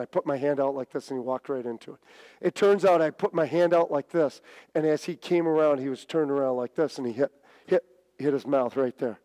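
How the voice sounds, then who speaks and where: A middle-aged man preaching a sermon, telling a story with stammers and restarts and big swings in pitch. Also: a little fast, warm tone. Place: church sanctuary. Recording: church hall reverb.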